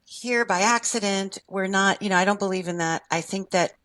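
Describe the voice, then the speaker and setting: A woman's voice: medium pitch, moderate pace, rough recording. A woman co-hosting a podcast, talking in an earnest, effusive way. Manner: warm, earnest and effusive, with frequent laughs. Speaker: podcast co-host. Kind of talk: casual conversation.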